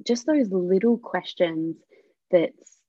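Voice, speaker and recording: A woman guest on a podcast, a miscarriage and abortion coach, speaking openly and warmly about her own experience. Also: lowish voice, animated, slow pace, no room sound, lo-fi sound. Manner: open, heartfelt, sharing personal experience. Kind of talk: candid podcast conversation.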